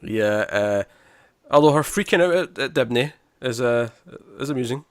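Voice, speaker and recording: A man's voice: medium pitch, normal speed, no room sound, clean studio sound. A man co-hosting a podcast in casual chat, acting out lines from scenes. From Scotland. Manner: animated, acts out lines from scenes. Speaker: podcast co-host.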